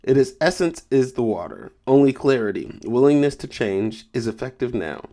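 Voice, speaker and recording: A man's voice: medium pitch, lively intonation, normal speed, mellow. A man giving a casual tarot reading, joking around and stumbling as he reads passages aloud. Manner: rambling, joking, stumbles over read-aloud text. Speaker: tarot reader.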